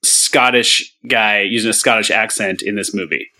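A man's voice: on the low side, fairly even intonation, normal speed, pushed and bright. Exasperated American man on a podcast. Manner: exasperated, sarcastic, laughing. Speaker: podcast co-host. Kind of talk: casual movie podcast banter.

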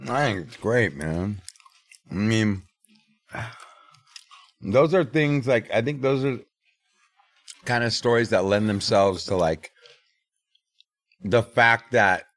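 A man co-hosting a casual podcast chat, laid-back and slangy. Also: lowish voice. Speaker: podcast co-host.

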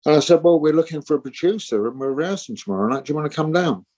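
A man's voice: fairly high pitch, very fast, darkish tone, slightly rough. A man in his sixties, a musician guest telling rambling stories and acting out the voices of people he quotes. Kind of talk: casual interview storytelling.

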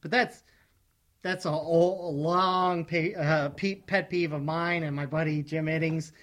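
A man's voice: a little high, unhurried. A man co-hosting a podcast, chatting casually and giving firm opinions, often restarting his sentences. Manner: opinionated, relaxed, frequent restarts. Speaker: podcast co-host. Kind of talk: casual wrestling podcast chat.

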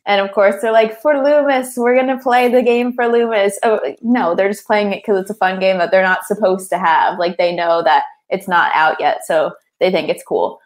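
A woman's voice: lowish voice, steady tone, moderate pace, hardly any pauses. A young adult woman co-hosting a casual movie podcast, chatty and giggly, peppering her talk with "like". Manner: chatty, laughs often, lots of "like". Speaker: podcast co-host. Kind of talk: casual movie recap chat.

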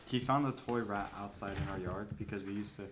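A man's voice: on the low side, steady tone, background noise. A young man in casual, profane chat, joking while doing a puzzle with a dog nearby. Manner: profane, joking, quick swearing banter. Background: dog in the room.

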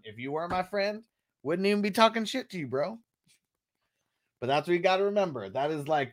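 A man's voice: fairly high pitch, a bit bright, no room sound, rough recording. A young man hosting a fantasy football live stream, chatting casually with viewers in a profane, teasing, rambling way full of fillers. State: coughing between phrases.

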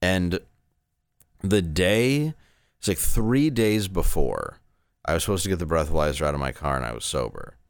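A man's voice: low voice, big pitch swings, moderate pace, clean tone, no echo, clean studio sound. A man in his thirties, a stand-up comedian, telling candid, rambling stories in a casual interview.

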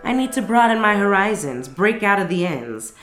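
A woman's voice: mid-range voice, big pitch swings, normal speed, fairly bright tone, faint music behind. A woman reading aloud as a fiery, outspoken young woman friend, blunt and full of slang. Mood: chatty.

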